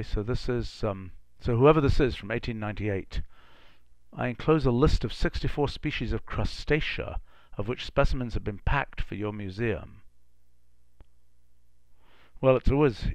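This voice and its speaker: A middle-aged man with a low, gravelly voice reads old letters aloud on a live stream. He stumbles through the handwriting and breaks off into thinking-aloud asides. The sound is close and dry. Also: darkish tone, no echo. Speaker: live-stream host reading archival letters. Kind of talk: casual think-aloud reading.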